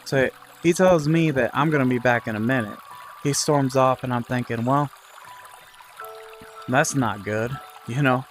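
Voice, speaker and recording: Male vlogger, mid pitch, loose rambling delivery with profanity, music bed behind. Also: measured pace. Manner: rambling, frequent fillers and profanity. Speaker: vlogger recounting a work dispute. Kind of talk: casual storytelling to camera.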